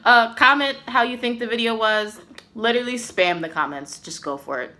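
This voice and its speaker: Young woman vlogging a storytime, bright kinda high voice, talks super animated, says like a lot. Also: moderate pace. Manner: chatty, filler-heavy with many "like"s and "literally"s; animated, swinging between exasperated and laughing. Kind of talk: casual storytime vlog.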